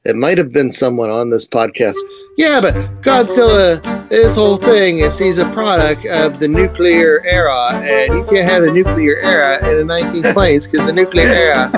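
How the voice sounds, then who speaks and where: Excitable man gushing in podcast chat. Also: a little high, moderate pace, over loud music. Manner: enthusiastic, rambling, laughs often. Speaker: podcast co-host. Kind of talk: casual comic book review chat.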